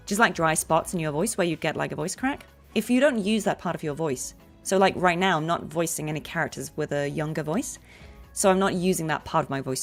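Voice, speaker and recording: A voice actress chatting casually on a game stream and answering viewer questions. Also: female voice, deep voice. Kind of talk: casual livestream chat.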